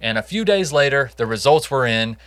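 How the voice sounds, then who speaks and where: A man's voice: medium pitch, expressive, fairly quick, fairly bright tone, dry recording. A man co-hosting a casual true crime podcast, telling the case in a conversational way with jokey asides. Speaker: podcast co-host.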